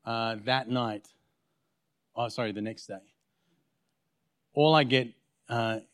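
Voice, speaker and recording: Male pastor, mid-pitched, storytelling sermon, acts out dialogue, dry close sound. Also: slow, clean tone, dry recording. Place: church.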